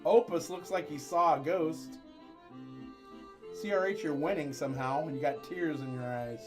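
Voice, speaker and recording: A man with a slightly higher voice chats loosely on a livestream, wandering through stories and joking as he calls races. His talk is playful and rambling. Soft guitar music plays faintly underneath. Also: normal speed. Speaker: livestream co-host. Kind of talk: casual livestream chat.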